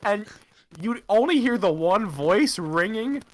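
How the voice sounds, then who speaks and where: Bright-voiced man telling a rambling story. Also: fairly high pitch, animated, poor audio. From Buffalo, New York area. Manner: rambling, halting storyteller with many fillers. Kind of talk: casual chat.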